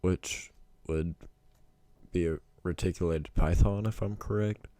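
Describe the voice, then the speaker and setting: A man's voice: low-pitched, fairly even intonation, measured pace, warm tone, no echo. A young man hosting a reaction video, talking in a rambling, informal way and correcting himself as he goes. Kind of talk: casual reaction commentary.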